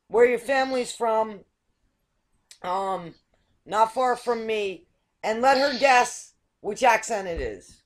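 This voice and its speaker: An American woman hosting a casual video call chat, hesitant with many ums and frequent laughs. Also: on the high side. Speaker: show host.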